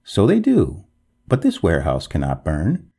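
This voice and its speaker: A man voicing a courteous, firm gentleman heir, polite but dryly mocking, in a storybook reading. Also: sits low, huge pitch swings, moderate pace, creaky, slightly rough, pitched below the performer's own voice, exaggerated voice. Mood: coldly triumphant.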